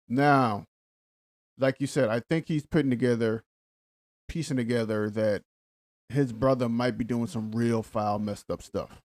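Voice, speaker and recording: A man's voice: on the low side, no room sound, clean studio sound. A man co-hosting a podcast, chatting casually and teasing his co-host about the show. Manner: relaxed, teasing, drawn-out fillers. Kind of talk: casual recap chat.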